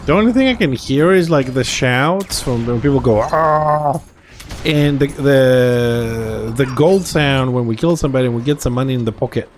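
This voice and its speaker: A man live-streaming an online game, commenting as he plays, jumping from quiet muttering to excited outbursts. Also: medium pitch, normal speed, hardly any pauses, slight background noise. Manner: excitable, reacts loudly to the game, then mutters to himself.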